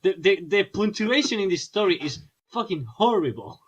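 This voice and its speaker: A man's voice: sits high, expressive, normal speed, breathy edge, dull audio. A man co-hosting a comedy podcast in casual banter, mocking and nitpicking the writing of a story. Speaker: podcast co-host.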